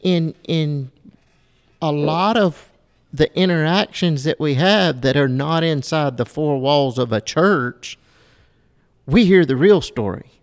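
A man hosting a Christian conversation, choosing his words slowly and restarting often. His voice is a bit high. A long reverb hangs behind it. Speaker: host of a Christian talk show. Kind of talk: casual faith conversation.

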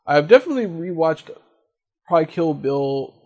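A man's voice: on the high side, lively intonation, normal speed, darkish tone, husky. A man hosting a casual podcast discussion, leading the talk and putting questions to his co-hosts. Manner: leads the talk, asks the others questions. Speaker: podcast host.

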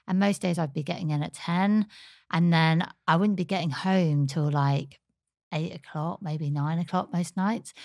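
An English woman in her thirties co-hosting a podcast, telling a personal story in an animated, chatty way full of fillers. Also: on the low side, creaky, dry recording, studio quality. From England. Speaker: podcast co-host. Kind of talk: casual storytelling chat.

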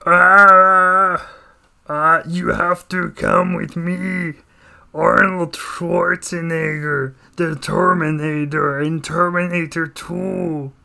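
A man putting on a deliberately clumsy impression of a stiff action-movie robot, slow, creaky and flat, a little off mic. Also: a little high, voice pushed up, full character voice. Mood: deadpan. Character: bad impression of a famous action-film robot, male adult, stiff.

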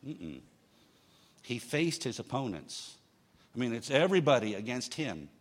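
A man's voice: medium pitch, very animated, a little slow. A man preaching a sermon, emphatic, with humorous asides.

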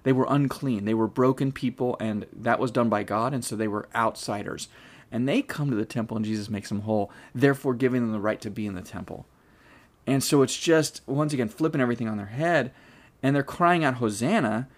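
A man leads a Bible study in an easygoing, conversational manner. His voice sits at an ordinary mid pitch. He reads verses aloud, then thinks them through out loud, often stopping to restart a thought. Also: brisk. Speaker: Bible teacher. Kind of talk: casual Bible study teaching.

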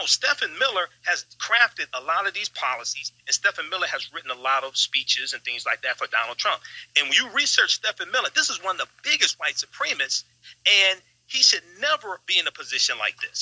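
A man giving urgent political commentary as a guest, speaking in halting bursts and calling the host brother. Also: fairly high pitch, pushed and bright, slightly rough, no room sound, low-quality recording.

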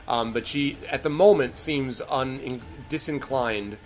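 A man narrating a tabletop game as game master, with many pauses and fillers. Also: mid-range voice, faint music behind. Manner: hesitant, filler-heavy.

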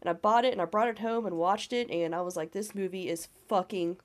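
A woman's voice: medium pitch, fast talker. A young woman with a cold, her voice nasal and scratchy, chatting eagerly and swearing on a horror podcast. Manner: enthusiastic, swears casually. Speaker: podcast co-host. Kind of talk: casual horror podcast chat.

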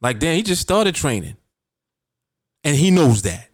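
A man's voice: on the high side, very animated, unhurried, no room sound, clean studio sound. A man hosting a podcast, coaching his listeners in a casual, emphatic and repetitive way. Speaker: podcast host and trading coach. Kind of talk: casual motivational talk.

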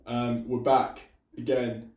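A man's voice: medium pitch, little pitch movement, slow pace, darkish tone. A young man co-hosting a casual podcast, joking around and fumbling his words playfully. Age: young adult. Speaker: podcast co-host. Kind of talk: casual banter. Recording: echoey room, distant from mic.

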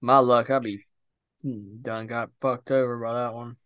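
A man's voice: medium pitch, a little slow, no echo, dull audio. Profane young man, dry close sound. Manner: profane, animated, blunt. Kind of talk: casual chat.

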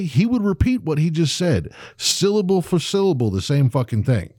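A man's voice: a little high, very animated, moderate pace, a little mellow, no room sound, clean studio sound. A man, casually telling long profane party stories with lots of filler words. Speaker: podcast co-host. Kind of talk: casual chat.

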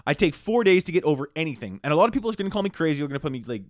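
Fast-talking, profane podcast host. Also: male voice, fairly high pitch, very animated, dry recording, studio quality. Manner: rambling, profane, full of fillers. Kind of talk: casual podcast monologue.

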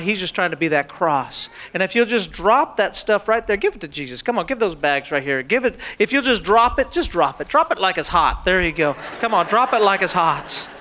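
A high, bright male pastor preaching with a playful storyteller's touch. He slips into little voices for the people in his stories and keeps checking in with the crowd. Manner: humorous storytelling, acts out everyday scenes. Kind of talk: sermon.

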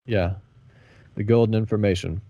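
Laid-back profane Southern man, low voice. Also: fairly even intonation, normal speed, warm tone, no echo, muffled recording. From American South. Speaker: podcast co-host. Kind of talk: casual chat.

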